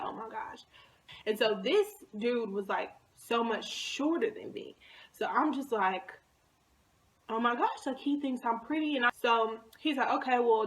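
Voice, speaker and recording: A young woman vlogger telling a personal story in a casual, slangy way, acting out her own past lines and dropping into hushed asides. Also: fairly high pitch. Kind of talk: storytime vlog.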